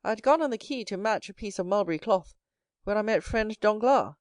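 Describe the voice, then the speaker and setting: A woman's voice: lively intonation, fairly quick, a little mellow, dry recording. Dry, close woman narrating a classic novel. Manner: reads every character herself, lifting her pitch for the young hero. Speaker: audiobook narrator. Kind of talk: scripted narration.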